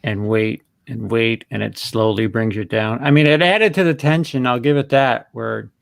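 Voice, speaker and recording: A man's voice: mid-range voice, moderate pace, creaky, no echo, studio quality. A man co-hosting a casual film chat, making sarcastic, joking asides. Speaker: co-host.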